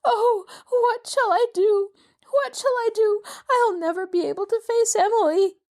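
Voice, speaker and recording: A woman voicing a frantic, tearful elderly lady, wailing in a high, drawn-out voice. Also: darkish tone. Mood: distraught wailing. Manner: shrill, wailing, drawn-out pleading.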